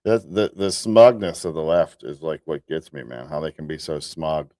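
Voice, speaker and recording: A man's voice: a bass voice, normal speed, warm tone, dry recording, clean studio sound. A man hosting a show, talking casually over clips he plays, with sarcastic and mocking asides. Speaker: host and commentator. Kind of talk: commentary over played clips.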